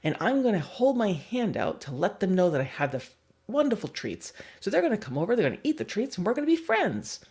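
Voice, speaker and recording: A woman's voice: mid-range voice, sing-song, fast talker, darkish tone, voice pushed up. A woman playing an overconfident dog-loving stranger, speaking in a cheery, self-assured manner. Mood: cheery, boastful.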